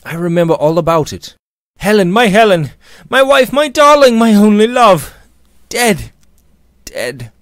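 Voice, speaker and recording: A man's voice: high voice, sing-song, a little slow, a bit bright, dry recording, studio quality, voice pushed up, heavily acted. A man reading aloud, voicing a young former dragoon who is shaken and grief-stricken, speaking hesitantly at first, then crying out in anguish. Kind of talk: audiobook character reading.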